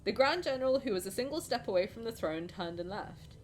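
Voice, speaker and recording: A woman's voice: on the high side, animated, brisk, a little hiss or hum. A woman streamer reads a game story aloud and reacts to it with effusive, emotional chatter. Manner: effusive, emotional, laughs often.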